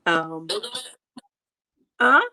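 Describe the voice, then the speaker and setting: A woman's voice: low-pitched, animated, very slow, pushed and bright, poor audio. A woman from the United States speaking as an interview guest, chatty, with frequent fillers and restarts. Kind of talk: casual interview talk.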